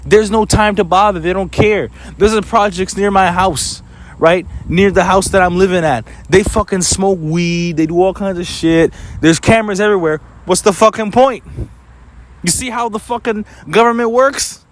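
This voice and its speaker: Young male vlogger with a high voice, angry and profane, ranting straight to camera. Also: slight background noise. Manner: angry, profane, rapid-fire complaining; mocks others in put-on quoting voices. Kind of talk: ranting monologue.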